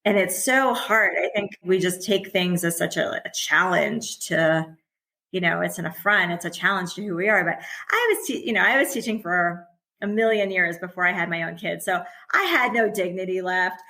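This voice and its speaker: A woman's voice: on the low side, normal speed, pushed and bright. A middle-aged woman speaks as a guest in a casual podcast conversation. She is candid and chatty, and laughter runs through her talk. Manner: chatty and candid, laughs often while talking.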